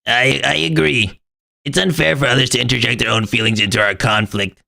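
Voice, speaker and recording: A man doing a gravelly prim bookish girl. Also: medium pitch, steady tone, brisk, sharp tone. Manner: wordy, prim. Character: formal bookish teenage girl. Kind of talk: voice acting while reading a game.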